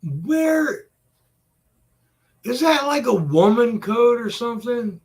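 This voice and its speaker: A man's voice: very high-pitched, animated, takes it slowly, long pauses. A man ranting to camera in an exasperated, repetitive way, cursing often as he vents. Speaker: vlogger. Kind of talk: profane venting rant to camera.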